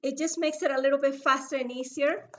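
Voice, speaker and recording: A woman's voice: high voice, steady tone, fast, bright, forceful tone, a little hiss or hum. A middle-aged woman with a foreign accent, patiently teaching oil mixing over a video call. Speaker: essential oil mixing instructor.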